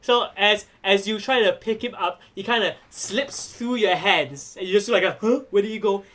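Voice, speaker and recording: A man narrating as game master of a tabletop wrestling game, excitable, with announcer-style calls. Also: high-pitched, normal speed.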